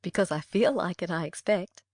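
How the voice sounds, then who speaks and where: A woman's voice: fairly low pitch, normal speed, no room sound, studio quality, lightly acted. A woman voicing an eager, cheerful young girl in a full-cast audiobook reading. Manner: bubbly, eager.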